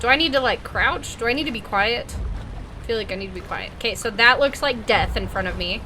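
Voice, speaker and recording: A woman's voice: on the high side, a little fast, background noise. A woman gamer giving rambling, joking commentary while playing a horror game.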